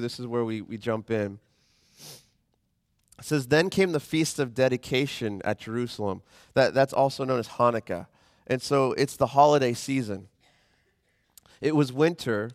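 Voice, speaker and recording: A man preaching a sermon as pastor in a conversational, animated way, slowing down when he reads scripture. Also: medium pitch, dry recording, clean studio sound.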